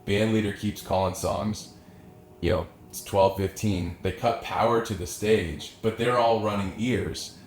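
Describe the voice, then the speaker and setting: A young adult man from the Austin area, a musician guest, tells a long story in casual chat, rambling, swearing often, and using lots of filler words. His voice is fairly low and darkish at a measured pace. The room is echoey, with faint ambience and slight background noise.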